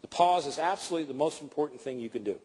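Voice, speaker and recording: Speaking very fast in a slightly rough voice on the high side, a middle-aged man leads a live presentation-skills seminar. He stays animated and playful, acting out examples for his audience.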